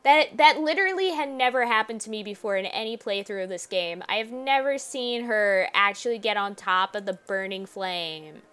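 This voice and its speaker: A woman hosting a gaming video, chatting through her playthrough, laughing often and bursting into loud exclamations. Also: mid-range voice, normal speed, hardly any pauses, smooth. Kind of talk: let's play commentary.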